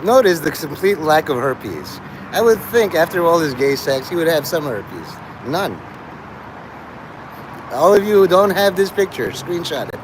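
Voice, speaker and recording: Rambling, crude man with a lively voice. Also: on the high side, a little slow, background noise. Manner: crude, rambling, laughs at own jokes. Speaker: livestream host. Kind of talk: rambling livestream chat.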